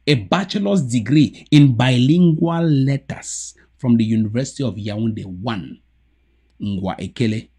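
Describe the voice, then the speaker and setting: A political commentator with a Cameroonian Pidgin English accent delivers an impassioned political rant from a home TV studio setup. His husky voice swings wildly in pitch as he alternates between loud, shouting outbursts and low muttering.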